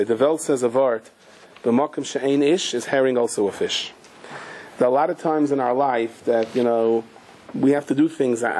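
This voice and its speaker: A man, a rabbi, teaching a Torah class as an animated storyteller who asks his listeners questions. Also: medium pitch, slightly rough.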